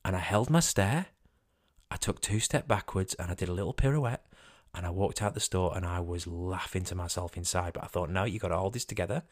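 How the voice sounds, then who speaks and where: Man, lowish voice, comic storytelling, self-mocking, animated. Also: fairly quick. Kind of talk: comic anecdote, casual storytelling.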